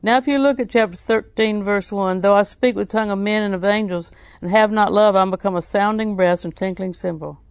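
A woman delivers a sermon in a mid-pitched voice recorded with a dry, close sound. She tells folksy stories, laughs often, and drives points home by repeating scripture lines. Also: fairly quick, few pauses, clean tone, dry recording. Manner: folksy storytelling with frequent laughs; emphatic repetition of scripture. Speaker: preacher.

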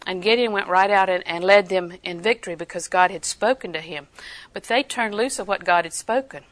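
An older woman preaching a sermon, emphatic and animated, acting out the people she quotes. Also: medium pitch, a little fast.

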